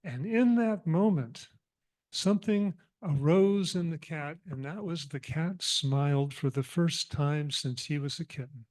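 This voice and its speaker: A man giving a sermon as minister, telling a parable in an animated, humorous and reflective way. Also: on the high side, a little slow. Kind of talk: storytelling sermon.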